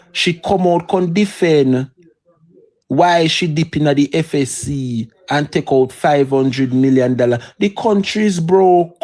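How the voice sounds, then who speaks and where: A man's voice: on the high side, a little mellow. A man with a Jamaican accent giving fiery political commentary on a live stream, slipping between patois and standard English. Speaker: political livestreamer.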